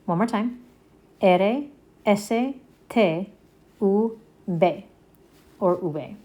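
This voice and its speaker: Woman, patient language teacher, slow and measured, mid-pitched, runs repeat-after-me drills. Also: mellow. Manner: patient, encouraging, checks in often. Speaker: Spanish teacher.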